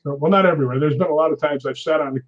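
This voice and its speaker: A middle-aged man telling a ghost story in a casual interview, animated, often tagging his lines with "right?". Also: on the high side, very fast. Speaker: guest. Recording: dull lo-fi audio.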